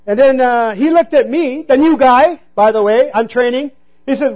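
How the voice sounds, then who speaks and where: High-voiced man preaching a sermon. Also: normal speed, darkish tone, rough recording. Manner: storytelling, call-and-response "Amen?". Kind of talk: sermon with personal story.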